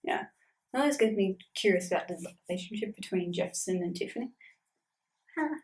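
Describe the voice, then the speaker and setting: A woman's voice: mid-range voice, animated, a little fast, darkish tone, a little hiss or hum, poor audio. A woman chatting casually in a vlog about a tabletop campaign she plays in, rambling with lots of fillers.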